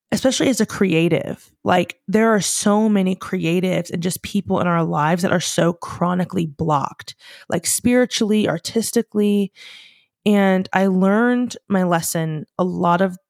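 A woman's voice: medium pitch, normal speed, vocal fry, darkish tone, dry recording. Chatty young woman, dry sound. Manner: chatty, rambling, many "like" fillers. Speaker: vlogger, fashion student. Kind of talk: casual storytelling to viewers.

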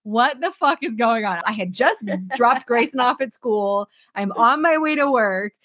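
A woman with a slightly high voice chimes in with teasing remarks and easy laughter. She is recorded dry and close, with no echo. Her talk is loose, casual podcast banter. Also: animated, a bit bright. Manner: teasing, quick to laugh, interjecting. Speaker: podcast co-host. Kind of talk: casual chat.

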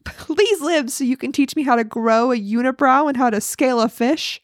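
A woman voicing an excited little boy calling out to his father. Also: normal speed, dry recording, studio quality, natural voice. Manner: shrill, repetitive excited calling.

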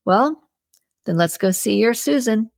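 A woman's voice: fairly high pitch, lively intonation, a little slow, vocal fry, a little mellow, dry recording, exaggerated voice. A woman voicing a skeptical, sarcastic male detective partner, close to her own voice. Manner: dry and sarcastic.

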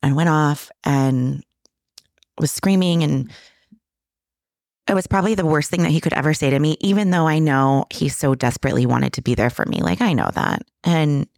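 A woman's voice: low voice, moderate pace, gravelly, darkish tone, no room sound, clean studio sound. A middle-aged woman telling a candid personal story in casual conversation, emotional and full of restarts. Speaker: guest.

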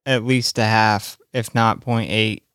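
A man's voice: on the low side, fairly even intonation, measured pace, fairly bright tone, clean tone, dry recording, studio quality. A man co-hosting a casual podcast, blunt and crude and joking about a movie. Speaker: podcast co-host. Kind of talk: casual chat.

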